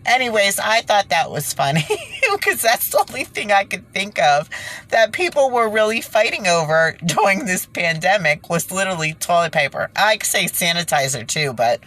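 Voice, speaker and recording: A woman's voice: lowish voice, sing-song, normal speed, fairly bright tone. A woman ranting in online commentary and reading passages aloud, stumbling and restarting, foggy from being sick.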